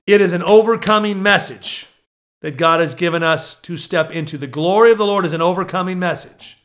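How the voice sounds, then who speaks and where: Man, preacher, fervent sermon, high-pitched voice, loud-to-hushed swings. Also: brisk.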